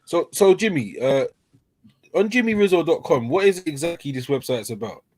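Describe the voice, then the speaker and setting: A man's voice: a little high, expressive, normal speed, a little mellow. A man hosting a casual livestream chat, joking and using street slang.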